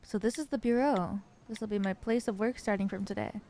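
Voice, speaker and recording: A woman's voice: mid-range voice, a little fast, warm tone, a little hiss or hum, close to an everyday voice. A woman voicing an earnest young male detective who is new in town, reading game dialogue aloud in a thoughtful inner-monologue manner.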